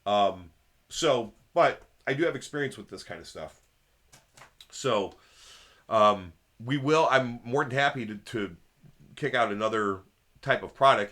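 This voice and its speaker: Bright-voiced man in casual band chat. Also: on the low side, moderate pace. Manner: rambling, filler-heavy. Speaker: band member and co-host.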